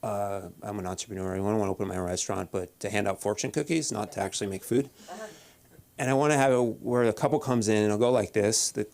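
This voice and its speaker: Brief: low, gravelly-voiced male comic, deadpan, stop-start delivery on a club stage mic. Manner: deadpan, halting with many restarts and fillers. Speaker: stand-up comedian at open mic. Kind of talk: stand-up comedy set.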